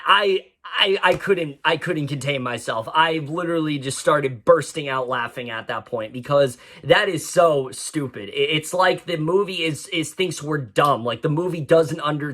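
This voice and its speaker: Young male film reviewer, slightly high, bright voice, frank and exasperated. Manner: frank and exasperated, with frequent fillers and restarts. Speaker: movie reviewer. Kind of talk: casual spoken film review.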